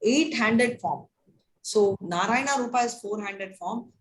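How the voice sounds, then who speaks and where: A woman's voice: mid-range voice, unhurried. A woman telling a devotional story, chatty and full of fillers, often checking in with "right?". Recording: noisy room recording.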